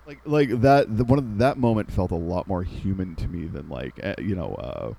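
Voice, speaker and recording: A man co-hosting a casual podcast, speaking with hesitant, halting starts. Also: sits low, expressive, vocal fry, warm tone, a little hiss or hum. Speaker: podcast co-host. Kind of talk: casual chat.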